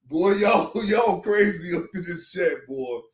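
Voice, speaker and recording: A man's voice: sits high, expressive, slow, roomy sound. A man hosting a livestream in casual chat, rambling loosely with slang and swearing as he talks to his chat. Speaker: livestream reaction host.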